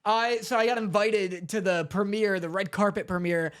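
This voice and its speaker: A man's voice: high voice, fairly even intonation, moderate pace, clear, resonant tone. A man co-hosting a casual podcast, telling stories playfully and laughing often. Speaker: podcast co-host.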